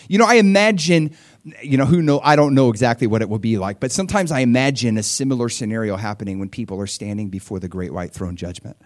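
The pastor, a man in his forties, preaches at a fairly quick clip in a mid-range voice. He keeps it animated and conversational, shifting from quiet asides to loud bursts.

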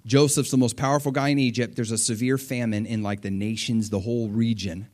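A man preaching a sermon, retelling a scripture story with animated, acted-out dialogue. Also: mid-range voice, brisk. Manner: animated storytelling, acting out voices. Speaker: pastor.

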